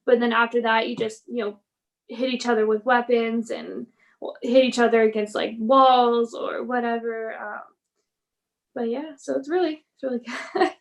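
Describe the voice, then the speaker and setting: A woman pro wrestler in a casual interview, telling stories in an animated way, acting out quotes and laughing often. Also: on the high side, normal speed.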